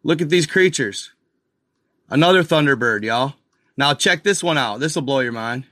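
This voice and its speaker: A man casually talking viewers through old images in a video, excited and incredulous, calling them y'all. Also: mid-range voice, normal speed, dry recording, clean studio sound. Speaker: video host. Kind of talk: casual screen-share commentary.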